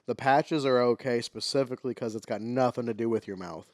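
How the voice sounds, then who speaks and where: A man's voice: medium pitch, fairly quick, no room sound, clean studio sound. A young man co-hosting a podcast, chatting casually with loose, profane banter. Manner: relaxed, profane, rambling. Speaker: podcast co-host. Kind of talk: casual chat.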